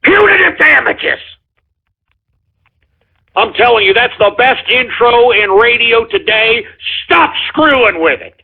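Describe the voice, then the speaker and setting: A man's voice: very high-pitched, measured pace, vocal fry, few pauses, breathy edge. A man hosting a call-in radio show, ranting irritably and swearing at his callers. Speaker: radio host taking voicemail calls. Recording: tinny phone-like radio audio.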